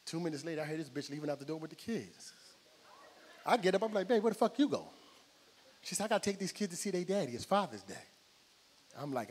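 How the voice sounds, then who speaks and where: Loud profane stand-up comedian, high voice. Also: male voice, fairly quick, long pauses, slightly rough. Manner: loud, profane, animated storytelling. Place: comedy club stage before a live audience. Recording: live room with long reverb, crowd noise.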